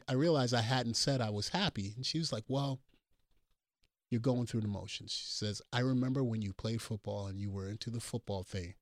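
Animated middle-aged male storyteller, dry sound. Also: fairly low pitch, moderate pace, dry recording. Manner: animated storyteller acting out quoted dialogue. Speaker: doctor guest. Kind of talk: storytelling on a call-in show.

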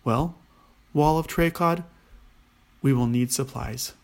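A man's voice: medium pitch, slow, creaky, a little mellow. A man voicing a commanding young princess who speaks graciously and takes charge.

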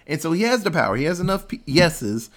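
A man with a somewhat high voice chats loosely about a film, retelling its scenes. He swears freely and drops into quick voices for the characters as he goes. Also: sing-song, fairly bright tone. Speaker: podcast co-host. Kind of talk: casual movie recap chat.

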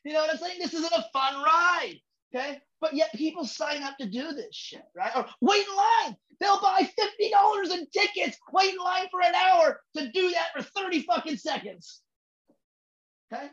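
A male comedian guest on a podcast, talking in a profane, emphatic way, building rhythm and bursting into shouts for emphasis. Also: very high voice, expressive, moderate pace, muffled recording. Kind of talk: casual podcast chat.

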